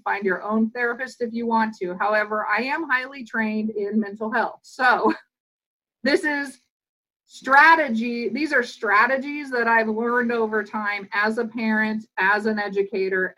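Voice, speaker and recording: Bright, animated woman psychologist guest. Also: a little high, low-quality recording. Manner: animated, fast-flowing explanations that act out quoted voices. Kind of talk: podcast interview.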